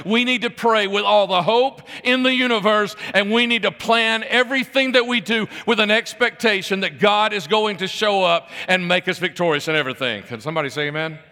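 A man's voice: sits high, pushed and bright. A man preaching a conversational sermon, repeating phrases and putting questions to the congregation. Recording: long hall reverb.

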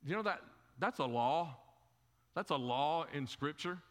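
A man's voice: a little high, lively intonation, unhurried, a bit bright. A male pastor preaching a sermon in a church, conversational, throwing rhetorical questions at the congregation and repeating words as he goes. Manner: frequent word repeats and fillers. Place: church sanctuary. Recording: long hall reverb in a church.

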